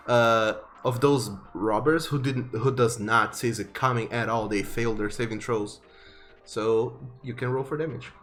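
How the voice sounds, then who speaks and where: A man running a tabletop game describes the action vividly, pausing often on fillers and restarts. His voice sits at a middling pitch over faint background music. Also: a bit bright. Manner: vivid, halting narration with fillers. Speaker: game master.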